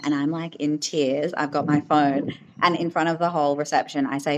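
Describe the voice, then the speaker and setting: A woman hosting a podcast, telling personal stories in an emotional, animated way, full of fillers. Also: low voice, moderate pace, noisy background. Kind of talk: casual storytelling.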